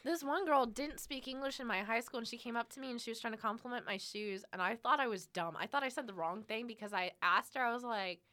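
A young woman co-hosting a casual chat, telling animated stories, swearing and laughing often. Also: fairly high pitch, quick pace, hardly any pauses, dry recording.

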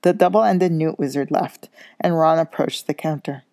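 A woman reading a children's novel aloud, steady but with small slips and corrections. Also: low voice, moderate pace, no echo, studio quality. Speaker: school coach reading aloud.

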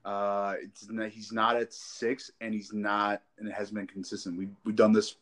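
A man's voice: lowish voice, little pitch movement, moderate pace, fairly bright tone. A man co-hosting a podcast in loose, rambling casual chat, often restarting his sentences. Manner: rambling, restarts, laughs easily. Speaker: podcast co-host.

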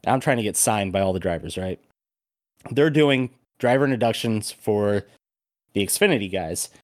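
A man hosting a podcast, telling a story in a casual, animated way with plenty of swearing. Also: lowish voice, moderate pace, no echo, studio quality. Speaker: podcast host. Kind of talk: casual chat.

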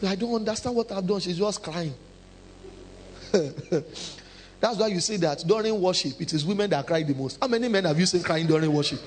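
A man preaching a sermon, animated and humorous, acting out quotes. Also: fairly high pitch, normal speed, long pauses, slight background noise. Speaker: pastor.

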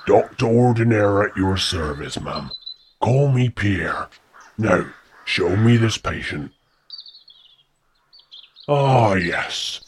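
A man playing a kind, courteous French village doctor in an amateur audio drama. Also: a little hiss or hum. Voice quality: very husky, slow and low. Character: kindly old-fashioned male village doctor, French. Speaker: doctor character.

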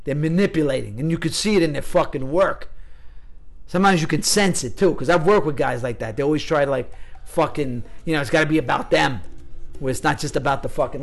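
A middle-aged man, a guest actor, telling stories in casual podcast chat, profane and animated. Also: a little high, a little fast, gravelly, soft background music. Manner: animated storyteller, profane, acts out voices.

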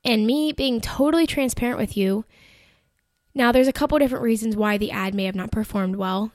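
A woman telling a personal faith story in a chatty, animated way, full of "like" and "you know". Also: fairly high pitch, a little fast, no room sound, studio quality. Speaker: Christian content creator. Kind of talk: casual faith-based storytelling.

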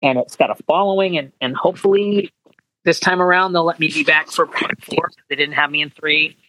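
A man being interviewed as a voice actor, telling animated anecdotes and acting out quotes in higher voices. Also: a little fast, rough recording. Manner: animated storyteller, acts out quotes in high voices. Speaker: voice actor guest.

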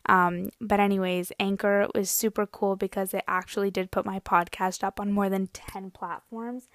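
Woman podcast host: chatty storyteller with a gravelly edge, dry close sound. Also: medium pitch, flat delivery, normal speed, no echo. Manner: chatty and rambling, full of "I mean" and "you know". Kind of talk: casual solo podcast storytelling.

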